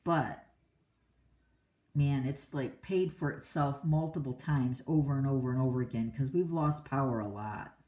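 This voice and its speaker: A woman's voice: rumbling low, moderate pace, dark tone. A middle-aged woman hosting a card-making class, chatting in a rambling, casual way and laughing often. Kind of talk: casual chat during a live stream. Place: home craft classroom. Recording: echoey room.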